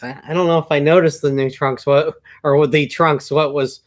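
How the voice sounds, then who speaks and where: A man's voice: on the high side, fairly even intonation, normal speed. A man co-hosting a wrestling podcast, recapping matches in a laid-back, hesitant way with lots of ums and uhs. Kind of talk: casual recap chat.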